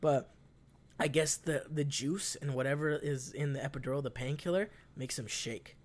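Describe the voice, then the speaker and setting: A man's voice: medium pitch, moderate pace. A young man telling a long story in casual, rambling talk, swearing constantly and leaning on fillers like "like". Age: young adult. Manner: profane, rambling, lots of fillers.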